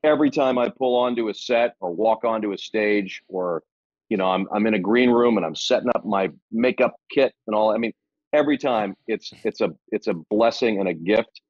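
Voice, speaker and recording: Middle-aged male actor guest, lively anecdotes, casual swearing, dull dry recording. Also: on the low side, a little fast, dry recording. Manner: animated, swears casually, many restarts.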